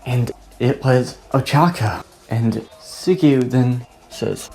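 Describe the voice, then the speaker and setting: Brief: woman storyteller, low lively voice, rambling halting narration. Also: soft background music. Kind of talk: retelling a fan story aloud.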